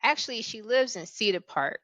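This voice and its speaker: A woman hosting a podcast in casual chat, playful and bubbly, with sudden high-pitched emphasis. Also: expressive, a little fast, fairly bright tone, no echo. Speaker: podcast host.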